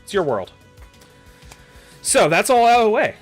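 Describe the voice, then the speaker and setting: A man's voice: high-pitched, big pitch swings, normal speed, soft background music. A man giving casual advice on running tabletop games, thinking aloud and swearing freely as he types notes. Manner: loose and profane, swearing casually; thinks aloud, lots of fillers and trailing off. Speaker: dungeon master giving advice. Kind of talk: casual tutorial while typing notes.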